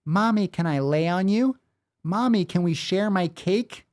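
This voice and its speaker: A man's voice: high voice, animated, measured pace, darkish tone, voice pushed up. A man putting on a mocking small child's voice, pestering its mommy.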